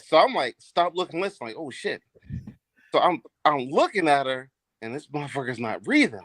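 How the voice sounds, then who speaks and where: A man's voice: fairly high pitch, big pitch swings, moderate pace, fairly bright tone, no echo. A man telling a long, profane story in casual podcast chat, laughing as he goes.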